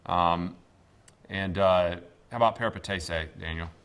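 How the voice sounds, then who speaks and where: A man teaching a classroom Greek lesson, speaking deliberately with many pauses and fillers. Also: low-pitched, fairly bright tone, slight background noise. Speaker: seminary professor.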